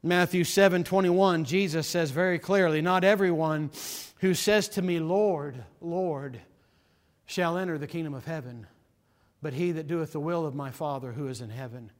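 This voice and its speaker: Male preacher, emphatic sermon delivery, somewhat raised pitch, scripture-quoting. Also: normal speed. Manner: emphatic, rising to impassioned pleading; quotes scripture chapter and verse.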